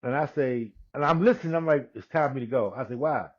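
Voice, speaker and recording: A man in his sixties telling his personal testimony in conversation, unhurried, acting out the dialogue he quotes, with frequent restarts. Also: medium pitch. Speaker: guest sharing his testimony. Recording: dull lo-fi recording.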